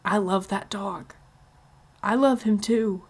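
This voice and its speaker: Woman doing a weary father, soft, slow, hushed, storybook preacher. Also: mid-range voice. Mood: grieving.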